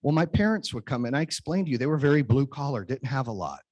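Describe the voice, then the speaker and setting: A man's voice: medium pitch, expressive, quick pace, darkish tone, highs cut off. A man in his forties giving a motivational keynote at an event, telling personal stories with emphatic, punchy repeated phrases. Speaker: keynote speaker. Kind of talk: motivational stage talk. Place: event stage.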